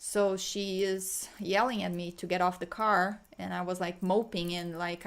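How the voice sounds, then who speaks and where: Soft, sighing woman with a gravelly edge. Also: fairly low pitch, flat delivery. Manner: slow, soft, sighing, breaks into chanted light language. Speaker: spiritual healer. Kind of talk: guided healing meditation.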